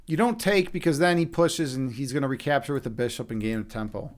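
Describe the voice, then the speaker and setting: A young streamer from Chicago, Chicago accent and all, talks at a quick pace in a medium-pitched voice, with slight background noise. He commentates his own chess games live, lively and swearing freely while chatting with viewers.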